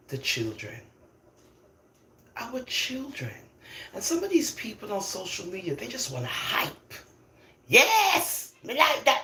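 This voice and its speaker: An emphatic older woman from London speaks in a mid-range voice, her sound echoing in a roomy space. As a vlogger delivering an opinionated, casual monologue, she is animated and laughs often between points.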